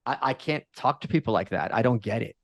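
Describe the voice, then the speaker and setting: A man in relaxed conversation who argues his point with emphasis, breaking into quick asides and restarting his sentences. His voice sits in a middle register and is recorded close and dry, with no room sound around it. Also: medium pitch, no echo. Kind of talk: casual conversation.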